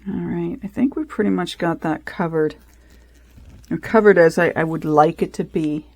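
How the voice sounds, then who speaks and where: A woman's voice: on the low side, normal speed, creaky, darkish tone, no room sound. A woman vlogging as she makes a resin craft, chatting casually, rambling and correcting herself as she thinks aloud. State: out of breath.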